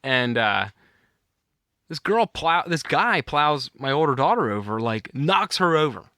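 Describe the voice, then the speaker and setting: A man's voice: fairly high pitch, sing-song, a little slow, bright, forceful tone, smooth, no room sound. A middle-aged man co-hosting a podcast, telling a rambling story in casual chat and laughing at his own anecdote. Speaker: podcast co-host.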